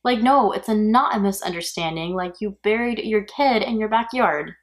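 A woman's voice: medium pitch, moderate pace. A woman hosts a true crime podcast and walks through the case in a loose, conversational way. She talks like she is speaking to a friend and adds her own blunt reactions along the way. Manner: casual, opinionated, reacting aloud. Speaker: podcast host.

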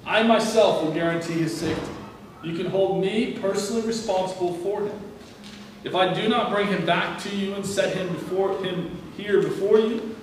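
A man with a somewhat high voice reads scripture aloud at a steady, measured pace, now and then tripping over a word and restarting. He sits well back from the mic in a very echoey room. A faint hum of ambient noise sits underneath. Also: far from the mic. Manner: measured, plain reading with occasional stumbles and restarts. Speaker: scripture reader. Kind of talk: reading a Bible passage aloud.

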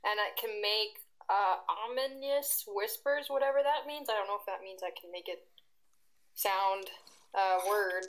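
A woman's voice: medium pitch, fairly even intonation, normal speed, a bit bright, rough recording. A woman playing a tabletop game, unsure and thinking aloud. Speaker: player.

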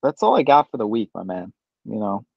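A man's voice: on the low side, big pitch swings, a little fast, vocal fry, breathy edge, no room sound. Laid-back man on slightly dull audio. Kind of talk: casual sports chat.

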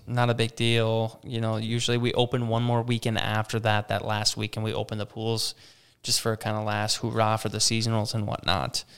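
This young campground operations manager has a medium-pitched, clean-toned voice. In conversation he tells a story animatedly, voicing what people said and peppering it with "like."

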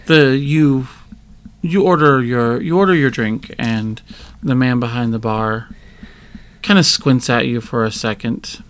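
A man's voice: mid-range voice, measured pace, smooth. A man running a tabletop role-playing game as game master, narrating scenes in descriptive detail. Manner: descriptive narration with filler and restarts.

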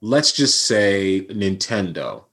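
A man's voice: low-pitched, slow, creaky, breathy edge. A man co-hosting a podcast, ranting in casual banter with mock outrage. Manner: animated, mock-outraged ranting about collecting. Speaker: podcast co-host.

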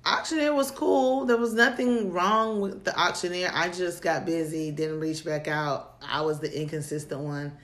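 A woman with a low voice chats casually about dating, telling stories in an animated way with frequent laughs. She sounds like she is in an echoey room. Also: normal speed, few pauses. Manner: animated storytelling, laughs often. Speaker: podcast co-host.

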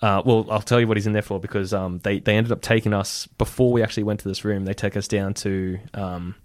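A man's voice: fairly low pitch, little pitch movement, fast talker, no room sound. A young man telling a long story in casual chat, rambling with lots of fillers and laughing often. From Australia. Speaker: storyteller guest.

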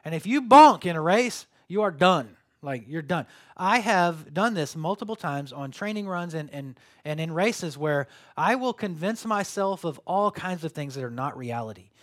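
Animated male pastor preaching. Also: on the high side, normal speed, hardly any pauses. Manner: animated storytelling with sudden loud bursts and quiet drops. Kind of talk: sermon.

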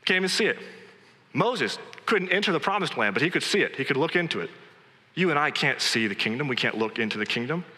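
A male pastor preaches with a bright, forceful tone. He drives his points home through insistent repetition. His voice rings with the long reverb of a big hall. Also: fairly high pitch, expressive, fast. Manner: emphatic, repetitive exhortation. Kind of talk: sermon.

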